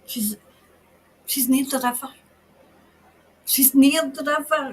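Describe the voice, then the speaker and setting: On a livestream, a woman tarot reader gives a psychic reading, speaking emotionally and haltingly and sometimes dropping to a whisper. Her voice is high-pitched, and the recording quality is low.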